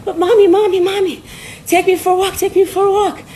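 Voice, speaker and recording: A woman's voice: level tone, brisk, mellow, slight background noise. Woman doing a whiny pleading pet dog. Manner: high pleading whine, repeating itself.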